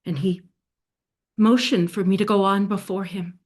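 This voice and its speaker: A woman telling a dramatic story in the first person, speaking in a hushed voice that often sinks to a soft near-whisper. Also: mid-range voice, fairly even intonation, normal speed.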